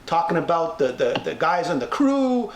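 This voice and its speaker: A man's voice: a little high, sing-song, moderate pace, reverberant. A man from Canada hosting an interview, effusive and gushing with praise. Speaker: interview host. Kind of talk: casual interview.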